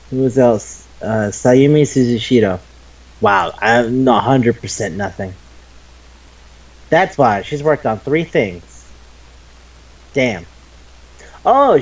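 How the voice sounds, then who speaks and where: Excitable young man chatting casually. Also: medium pitch, highs cut off. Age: 20s. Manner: excitable, swears freely. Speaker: podcast co-host. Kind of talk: casual chat about anime.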